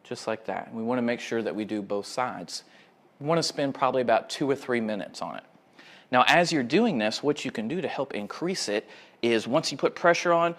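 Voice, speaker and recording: A man, a fitness instructor, calmly talking viewers through gentle ankle exercises. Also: medium pitch. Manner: calm, easygoing instructions. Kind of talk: exercise demonstration.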